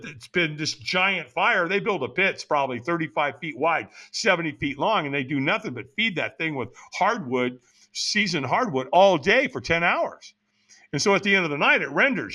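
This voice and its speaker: A middle-aged American man telling a long story as a podcast guest, lively and dramatic, acting out what other people said. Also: fairly high pitch. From United States. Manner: animated, acts out other people's lines in a raised voice. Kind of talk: storytelling anecdote in an interview.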